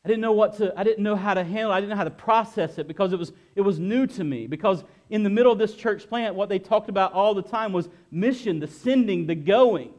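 Earnest middle-aged guy preaching, voice a bit on the high side, keeps restarting his sentences. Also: a little mellow. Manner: earnest, repeats himself, halting restarts. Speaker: pastor. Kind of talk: sermon with personal testimony.

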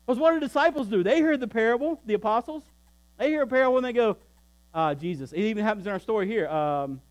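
Man, pastor, sermon, emphatic, slightly high voice, faint hum behind. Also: expressive, fast, low-quality recording. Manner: emphatic, rising to loud preaching and dropping low.

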